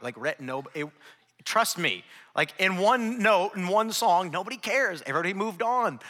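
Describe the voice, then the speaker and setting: A man's voice: sits high, moderate pace. A middle-aged man preaching a sermon, telling humorous stories and tossing asides to the congregation. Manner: humorous, animated storytelling with crowd asides. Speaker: pastor. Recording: long reverb of a large hall.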